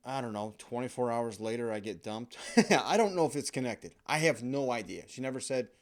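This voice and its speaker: A man's voice: medium pitch, fairly quick, hardly any pauses. A man hosting a podcast, telling a comic personal story in a profane, self-mocking, rambling way. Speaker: podcast host.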